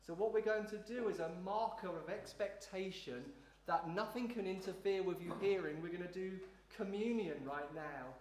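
A man leading a congregation through a slow, prayerful devotional teaching in a church room, with repetitive phrasing. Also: high voice. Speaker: pastor leading a service. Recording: roomy echo, faint noise.

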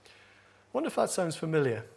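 A man's voice: a little high, wildly swooping pitch, fast talker, creaky, darkish tone, slightly rough. Self-deprecating man preaching a sermon. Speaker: pastor. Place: church with congregation. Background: congregation laughing.

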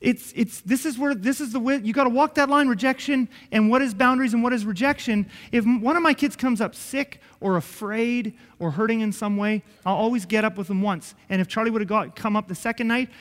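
A man giving a conversational sermon-style teaching, telling animated stories that act out dialogue and chuckling often. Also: very high voice, a little fast, hardly any pauses. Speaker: Christian preacher and father. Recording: long hall reverb.

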